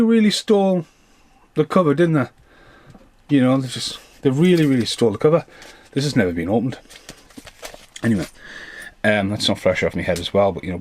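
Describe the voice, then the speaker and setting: A man's voice: mid-range voice, darkish tone. A man in his thirties or forties doing an unscripted film review rant, rambling, swearing freely and drifting off on tangents.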